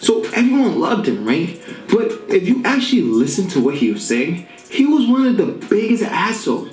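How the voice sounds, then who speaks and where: A man giving dating advice to the camera in a playful, animated way, tagging "okay?" and "right?" onto his points. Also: high-pitched, normal speed, reverberant, faint music behind, poor audio. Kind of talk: instructional talk to camera.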